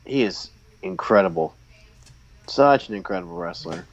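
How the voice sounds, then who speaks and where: A man co-hosting a podcast, chatting casually while watching wrestling and reacting with excited outbursts and frequent laughter. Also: lowish voice, normal speed, creaky. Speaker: podcast co-host. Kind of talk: casual watch-along chat. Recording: dull lo-fi recording.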